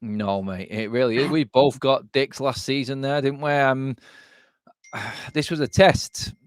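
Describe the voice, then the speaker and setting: A man's voice: medium pitch, measured pace, clear, resonant tone, dry recording, studio quality. A young English man co-hosting a casual football watchalong, blunt and sweary, laughing often. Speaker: co-host, rival fan.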